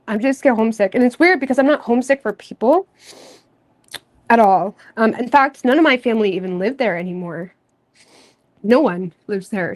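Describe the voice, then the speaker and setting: A woman from Nova Scotia, Canada, hosting a tarot channel, chatting casually and candidly with viewers in a rambling way, full of fillers and soft laughs. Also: mid-range voice. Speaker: tarot reader and channel host. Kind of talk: casual livestream chat.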